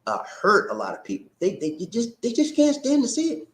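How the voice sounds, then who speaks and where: A man hosting a live-stream talk show, reading viewer comments and calling out shout-outs in an animated, preacher-like way. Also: high-pitched, fairly quick, reverberant.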